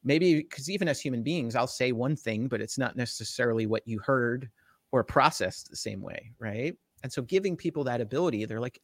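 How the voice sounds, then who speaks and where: Fairly quick and animated, a Jersey Shore, USA, native with a New Jersey accent explains technology as a tech company guest in a casual interview, tagging many lines with "right?". His voice is medium-pitched, and the recording is dry and studio quality.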